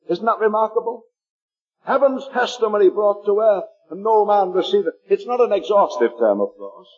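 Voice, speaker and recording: A man from Liverpool, England, with a Liverpool accent, preaching a fervent sermon and slowing down to read scripture aloud. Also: sits high, animated, husky, highs cut off.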